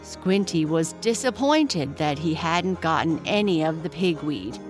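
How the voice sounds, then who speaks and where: Slow, lively woman reading a children's story. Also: deep voice, music in the background. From Prince Edward Island, Canada. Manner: gentle, expressive storytelling.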